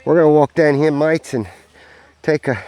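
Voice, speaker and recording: A man's voice: on the high side, normal speed, a little mellow, no room sound. Sweary, upbeat man vlogging outdoors. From United States. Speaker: vlogger, farm owner. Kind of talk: casual walking vlog. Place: outdoors on a farm, walking. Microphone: handheld camera.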